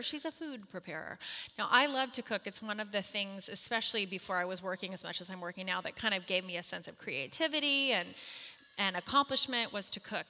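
A woman in her thirties telling a humorous, self-mocking story to a moms' group, animated and acting out the voices in her quotes. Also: medium pitch, in a large hall.

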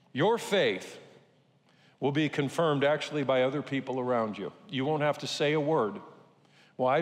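An older man preaching a sermon to a congregation in a conversational, joking way. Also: medium pitch. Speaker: pastor. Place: church sanctuary. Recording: reverberant church hall.

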